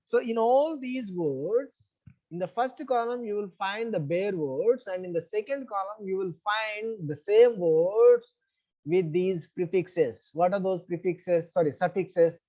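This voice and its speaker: A man's voice: high voice, unhurried, dark tone, no echo. A man with an Indian English accent teaching an online English class, patiently repeating points and spelling words out letter by letter. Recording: dull lo-fi sound.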